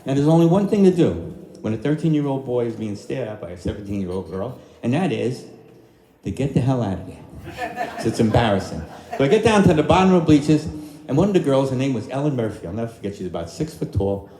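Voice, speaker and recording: A man's voice: mid-range voice, big pitch swings, fast, dark tone. An older man, a dinner-show singer telling joking, folksy stories between songs to a live restaurant crowd. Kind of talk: crooning oldies and telling stage stories. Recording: roomy live restaurant with backing music.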